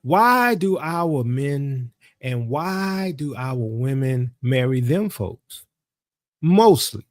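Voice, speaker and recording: Animated man giving a colloquial religious talk. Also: medium pitch, very slow, no echo, clean studio sound. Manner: colloquial, animated storyteller addressing followers. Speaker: religious teacher. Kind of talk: casual religious commentary monologue.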